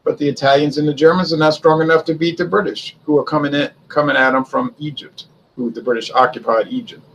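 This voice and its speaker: A man's voice: fairly high pitch, fairly even intonation, fast, vocal fry, slight background noise, rough recording. A man giving a casual spoken history commentary, chatty and conversational, asking rhetorical questions and answering them himself. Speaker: history video host.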